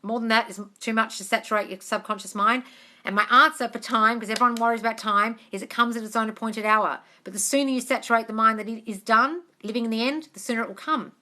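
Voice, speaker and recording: Aussie woman doing a live q&a on her phone, chatty, swears a bit, calls everyone darling, bright voice. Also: a little high, steady tone, fast. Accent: Australian. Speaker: manifestation coach. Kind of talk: live-stream Q&A chat.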